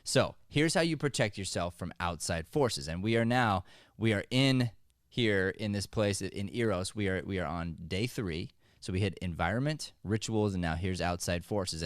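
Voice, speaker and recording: A male acting coach hosting a motivational podcast. He talks energetically and jokes with the people in the room. His voice sits on the low side, and the recording is dry and close. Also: moderate pace, dry recording. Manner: energetic, joking, conversational.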